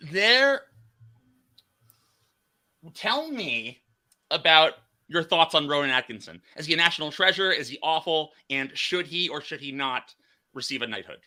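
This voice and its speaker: An American man hosting a casual chat, asking questions in a halting way with many fillers. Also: on the high side, big pitch swings, bright, forceful tone. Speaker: podcast host.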